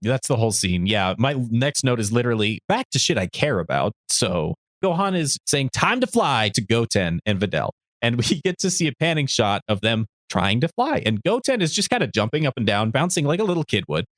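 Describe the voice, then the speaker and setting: A young man co-hosting a podcast, recapping a cartoon in playful, animated chat. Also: mid-range voice, brisk, hardly any pauses, dry recording, studio quality. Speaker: podcast co-host.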